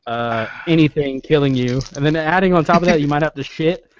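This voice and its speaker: Guy joking around and rambling on a webcast, slightly high voice, muffled audio. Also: a little fast, a little hiss or hum. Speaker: podcast co-host. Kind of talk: casual chat.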